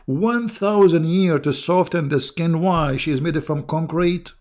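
A man's voice: on the high side, a little slow, darkish tone. A man with an Arabic accent, hosting an online debate show and delivering a sarcastic, mocking commentary monologue full of laughter. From Arab world.

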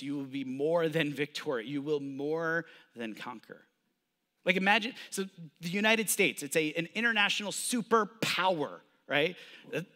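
A man's voice: on the high side, pushed and bright, long reverb tail. A man preaching a sermon as pastor, conversational and casual, building up with emphatic repetition. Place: church sanctuary.

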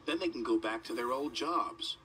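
A man's voice: mid-range voice, moderate pace, a bit bright, recorded from a distance, a little hiss or hum, natural voice. A man voicing a small, clever male engine who talks in a hopeful, coaxing way. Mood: eager.

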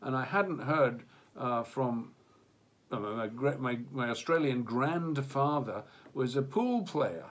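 A man's voice: medium pitch, animated, slow. A man co-hosting a casual talk on religion, speaking hesitantly with many restarts and fillers. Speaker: co-host of religion discussion. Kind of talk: casual discussion. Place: Japan.

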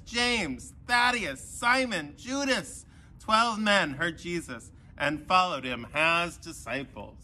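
A man giving a children's sermon, telling a Bible story with animated voices for the characters. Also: sits high. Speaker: pastor.

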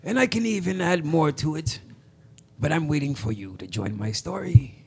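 Guy doing a creepy old man voice, gravelly, rambly and sly. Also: fairly high pitch, animated, moderate pace, a little mellow, voice pushed down, full character voice. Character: creepy old man who tells kids secrets. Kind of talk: improvised character voice on a radio show.

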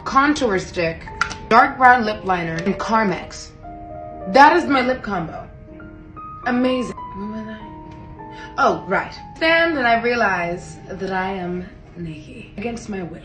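Young woman, vlog storytime, animated self-mocking delivery, echoey room, faint music underneath. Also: mid-range voice. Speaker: vlogger. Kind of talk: comedic storytime while doing makeup.

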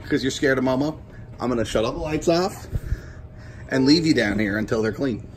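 A man hosting a casual family vlog at home, playful and goofy, bursting into shouts and laughter. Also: medium pitch, animated, brisk, a little hiss or hum, rough recording. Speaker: vlog host. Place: at home indoors.

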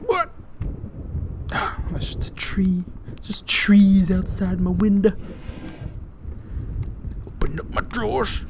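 A man's voice: high-pitched, gravelly, a little hiss or hum. A man giving casual let's-play commentary on a horror game, joking and muttering to himself. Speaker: gamer playing a horror game.

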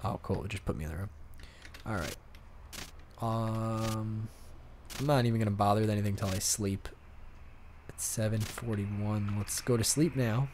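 A man's voice: lowish voice, normal speed, pauses often, darkish tone, slight background noise. A man casually commenting while playing a video game, chatting to himself about what happens on screen. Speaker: let's play host.

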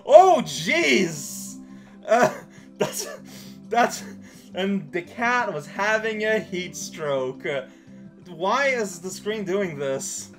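A man's voice: high-pitched, big pitch swings, drawn-out words, soft background music. A man casually commentating on a video game as he plays, rambling and giggling through jokey asides. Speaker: let's play commentator.

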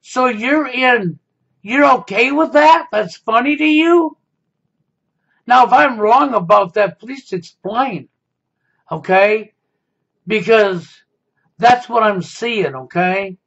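High-voiced confrontational man, lo-fi. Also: expressive, slow, creaky, long pauses, fairly bright tone. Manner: confrontational, repeats "okay?". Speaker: YouTube commentator. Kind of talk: accusatory monologue. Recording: dull lo-fi sound.

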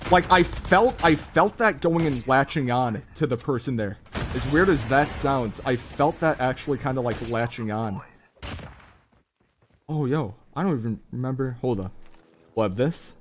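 A young man giving excitable, slangy live commentary on a mobile shooter game to his viewers, breaking into sudden high yelps. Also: normal speed, slight background noise.

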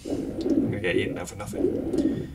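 A man giving sarcastic, self-mocking commentary over a game he plays, breaking into quick outbursts at it. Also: far from the mic, heavy background noise. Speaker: gaming commentator. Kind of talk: let's play commentary.

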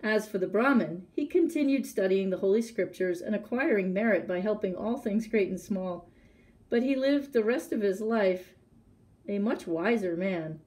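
A librarian reading a children's story aloud with expressive, animated delivery, then explaining a craft. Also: female voice, mid-range voice, moderate pace.

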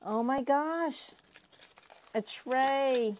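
A woman crafting vlogger unboxing prizes she won, gushing and excitable, often repeating herself. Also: high-pitched, extremely slow, a little hiss or hum. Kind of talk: casual unboxing vlog.

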